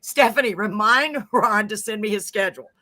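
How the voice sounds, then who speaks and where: An older woman hosting a casual live podcast chat, talkative and quick to laugh. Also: medium pitch, a loud crowd. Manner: chatty, laughing, animated. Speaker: podcast host.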